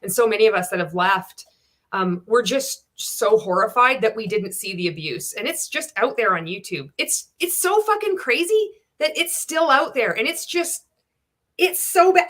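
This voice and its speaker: A woman's voice: on the high side, sing-song, moderate pace, fairly bright tone. A woman in her forties hosting an interview, talking bluntly and heatedly with lots of swearing. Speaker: podcast host. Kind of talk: casual interview chat.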